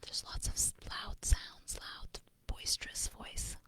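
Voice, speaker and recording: Slow and a bit bright, this woman's voice carries a loose, rambling vlog. She frequently sinks into a breathy whisper and speaks bluntly, swearing freely.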